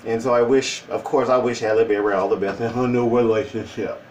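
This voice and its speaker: A man's voice: medium pitch, a little fast, recorded from a distance, slight background noise. Chatty man in an echoey room. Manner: animated, joking asides, breaks into put-on voices. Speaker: vlogger. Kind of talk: casual opinion vlog.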